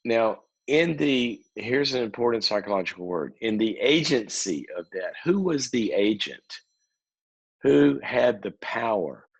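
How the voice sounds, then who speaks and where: A male psychologist hosting a show, answering a listener question in a measured, emphatic way, repeating key words and using fillers like "um" and "you know". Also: on the low side, animated, slightly rough, poor audio. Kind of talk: unscripted advice talk.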